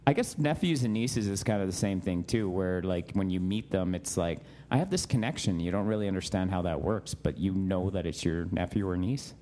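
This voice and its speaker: A man in casual conversation about faith, telling animated stories and laughing often. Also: deep voice, fairly quick, few pauses, a little hiss or hum.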